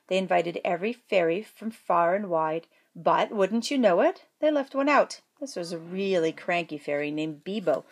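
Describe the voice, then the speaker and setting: A woman's voice: on the low side, expressive, normal speed, hardly any pauses. A woman reading a comic fairy tale aloud, playful with jokey asides. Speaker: storyteller. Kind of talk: playful storybook read-aloud.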